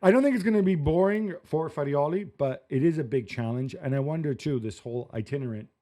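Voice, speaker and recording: A man's voice: on the high side, a little fast, warm tone. A man talking football as an analyst on a sports panel, thoughtful and hesitant, with many fillers.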